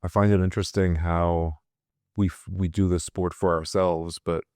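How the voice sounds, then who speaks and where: A man's voice: deep voice, level tone, normal speed, clear, resonant tone, dry recording, clean studio sound. A man who fights, speaking thoughtfully and candidly in a casual podcast conversation. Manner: thoughtful, candid, with soft laughs.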